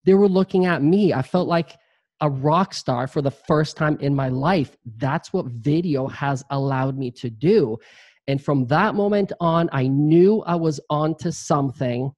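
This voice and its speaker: A man's voice: fairly high pitch, measured pace, no room sound. A middle-aged man, a real estate agent, telling his career story in an interview and acting out the voices of the people in it. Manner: animated storyteller, acts out quoted voices.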